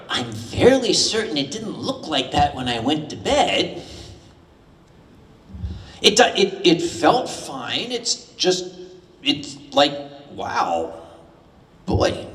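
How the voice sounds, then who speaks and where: A man's voice: fairly high pitch, a little slow, a little hiss or hum. An older American man telling comedic stories live at a convention, wry and a little profane, recorded from a distance in a large hall. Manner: animated, wry, profane humor. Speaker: storyteller at a live convention event. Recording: echoey hall from far off.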